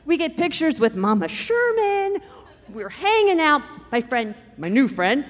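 A middle-aged woman telling a personal story in an animated, expressive way, acting out quotes. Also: sits high, unhurried. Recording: long hall reverb.

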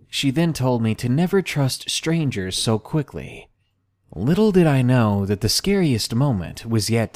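A man reading submitted first-person scary stories aloud in a steady, measured scripted narration. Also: mid-range voice. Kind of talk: scripted horror story narration.

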